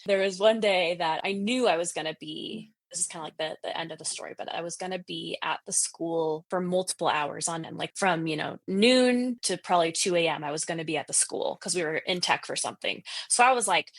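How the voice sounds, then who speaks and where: Animated woman in her thirties telling a story. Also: lowish voice, a little fast, few pauses, no echo. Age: 30s. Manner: animated, lots of fillers and laughs, acts out quotes. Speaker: podcast guest. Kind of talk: casual storytelling.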